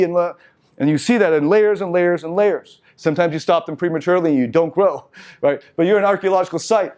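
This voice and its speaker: A man talks fast in a slightly high voice with a darkish tone as he teaches a seminar in a meeting room. Working from slides, he reads passages to the group, then riffs casually with asides.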